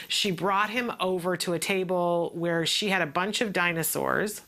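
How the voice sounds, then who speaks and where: A woman talks through parenting advice in a relaxed, teaching way, with a bright, clear tone that sits a little low. She tells her story with energy and briefly slips into the voices of the people in it. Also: moderate pace. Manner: expressive storytelling, acting out quotes. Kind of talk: casual teaching talk.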